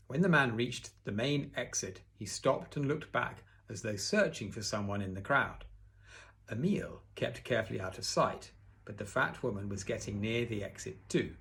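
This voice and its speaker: A man reading a children's novel aloud in an expressive way, sometimes stepping out of the story for a casual aside to the listener. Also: fairly low pitch, creaky. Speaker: audiobook reader.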